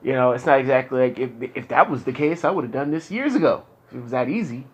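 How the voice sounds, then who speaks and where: A young man speaking as a client in therapy, frustrated and rambling, with frequent halting restarts. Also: mid-range voice, expressive, breathy edge. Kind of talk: candid casual talk.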